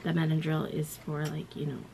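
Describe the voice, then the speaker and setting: Lady vlogger telling her story, kinda low and gravelly, lots of "you know" and "like". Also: completely flat delivery, brisk, background noise. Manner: rambling, full of "you know" and "like" fillers. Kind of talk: casual storytelling to camera.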